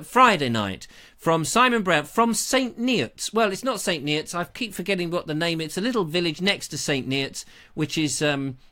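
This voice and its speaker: A man's voice: a little high, pushed and bright. A man hosting a live online show on a lapel mic, chatting in a jokey, rambling, self-deprecating way. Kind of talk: casual rambling live-stream chat.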